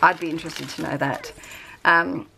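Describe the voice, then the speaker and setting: A woman's voice: low-pitched, fairly even intonation, normal speed, gravelly, background noise. An Australian woman at home, chatting casually and rambling as a craft vlogger. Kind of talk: casual chat.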